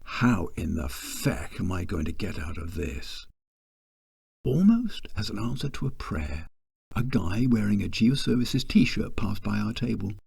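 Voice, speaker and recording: A man's voice: on the low side, big pitch swings, measured pace, creaky, darkish tone, husky. A man telling a first-person story with wry, self-deprecating humor.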